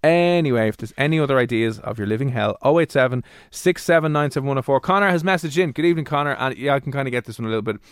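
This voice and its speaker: A man hosting a radio show, chatting in quick, animated banter. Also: mid-range voice, clear, resonant tone, dry recording, studio quality. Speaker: radio host. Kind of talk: casual radio chat.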